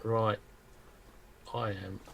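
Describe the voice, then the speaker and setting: A man playing in a tabletop game with a low, gravelly, bright-edged voice. He speaks slowly with a lively pitch, in short, clipped exclamations. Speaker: player. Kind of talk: casual chat.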